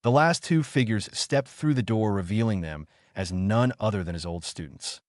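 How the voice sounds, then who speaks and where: Brief: low male narrator, steady fan-fiction reading, dry sound. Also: moderate pace, few pauses, no room sound.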